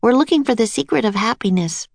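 A woman reading aloud, voicing an eager, excited little girl in a storybook. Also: on the high side, quick pace, gravelly, no echo, voice pushed up.

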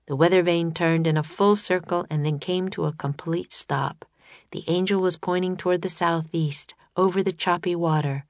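A woman reading a children's adventure story aloud in a steady, scripted narration. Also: on the low side, normal speed, dry recording. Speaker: audiobook narrator.

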